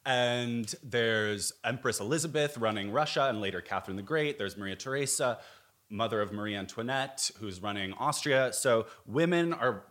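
Lively male storytelling podcast co-host. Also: mid-range voice, normal speed. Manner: energetic, expressive storyteller. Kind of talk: casual chat, storytelling.

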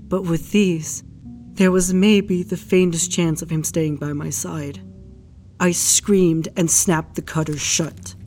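A woman narrating in the first person for an audio drama, in a hushed, grief-stricken retelling. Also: fairly low pitch, fairly even intonation, slow, soft background music. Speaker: narrator recounting a case file.

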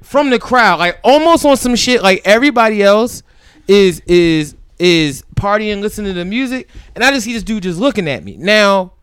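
A man's voice: sits high, normal speed, smooth, no room sound. A man with a Philadelphia accent, co-hosting a podcast, who tells stories in casual, profane chat and acts out what others said. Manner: animated, profane, quotes others in put-on voices. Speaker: podcast co-host.

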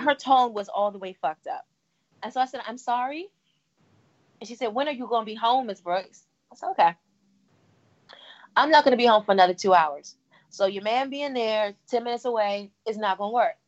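A woman co-hosting a casual chat podcast, telling a story with lively asides and acting out the people she quotes. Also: a little high, moderate pace, long pauses, muffled recording. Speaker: podcast co-host.

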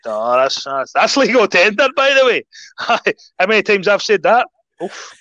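A Scottish man chatting as a guest, an animated storyteller who repeats phrases for emphasis. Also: sits high, measured pace, no echo, dull audio. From Scotland. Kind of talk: casual chat.

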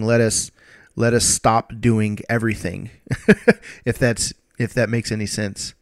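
An earnest male preacher delivering a sermon in a low voice. He slows down to stretch key phrases and plays out quoted prayers with growing intensity. The recording is dry and close, with no room sound. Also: vocal fry, no room sound.

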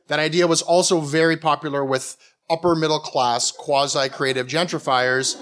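A Canadian man giving a mock-academic comic talk in a sardonic, animated way. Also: a little high. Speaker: comedic lecturer. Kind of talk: stand-up style comic talk.

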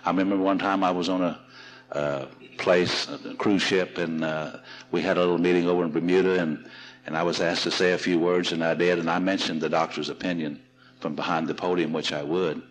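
A man's voice: sits low, little pitch movement, brisk, low-quality recording. A man telling self-mocking stories to a seminar audience from a podium, in an archival recording. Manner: folksy, self-mocking storyteller. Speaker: seminar speaker. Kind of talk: storytelling talk at a recovery seminar.

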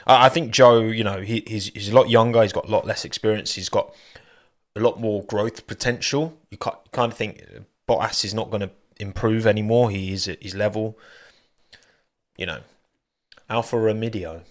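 Casting: male podcast host, low-ish voice, chatty and jokey solo chat. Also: steady tone, normal speed. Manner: chatty, jokey, thanks listeners by name. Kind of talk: solo post-race chat.

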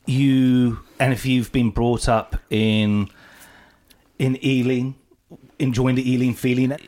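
A man's voice: mid-range voice, fairly even intonation, slow, a little mellow. A man interviewing a guest, asking thoughtful questions with playful, teasing interjections.

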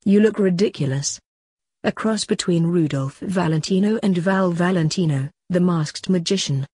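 A woman's voice: lowish voice, normal speed, warm tone, slightly rough, dry recording, studio quality. A woman reading the part of a teasing young male enchanter who mocks his father. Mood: mocking. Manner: mocking.

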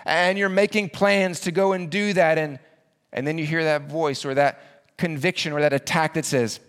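Earnest man preaching, slightly high voice. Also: steady tone, a bit bright, clear, resonant tone. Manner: earnest preaching with slow, emphatic repetitions. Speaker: pastor. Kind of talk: sermon.

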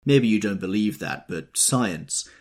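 A man's voice: on the low side, big pitch swings, measured pace, a little mellow, heavily acted. Man doing an arrogant, brusque rich man. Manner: rough, contemptuous. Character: arrogant brash wealthy man, impatient bully.

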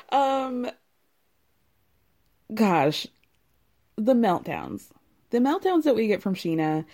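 Mellow-voiced gossipy woman host. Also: mid-range voice. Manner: opinionated, gossipy, laughs often. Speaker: host recapping a reality show. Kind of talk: casual chatty commentary.

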